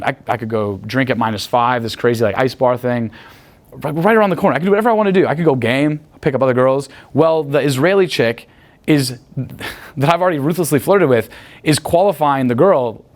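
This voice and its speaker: A man coaching a live group in a room, talking in a chatty, profane way and tagging many points with "right?". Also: mid-range voice. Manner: rapid, profane, chatty, asks "right?" often. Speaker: dating coach. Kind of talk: live seminar talk.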